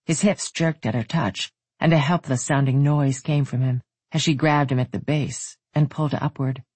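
A narrator reading a romance audiobook in an even, intimate way. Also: medium pitch, normal speed, slightly rough, dry recording.

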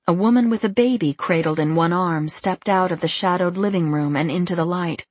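A woman narrating a novel in a calm storytelling manner. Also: on the low side, a little fast, hardly any pauses, dry recording. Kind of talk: scripted narration.

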